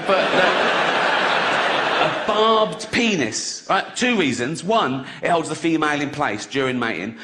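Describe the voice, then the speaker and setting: Sardonic profane comedian. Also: male voice, on the high side, very noisy. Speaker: stand-up comedian. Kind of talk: stand-up comedy routine.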